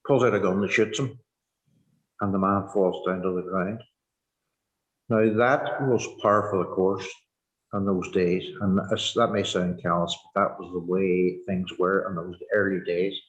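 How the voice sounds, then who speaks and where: Older Northern Irish man giving earnest personal testimony, lowish voice, halting delivery peppered with fillers. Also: steady tone, dull audio. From Northern Ireland. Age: 60s. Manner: halting, heavy with "you know" fillers; reflective and earnest. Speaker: former prisoner sharing his story.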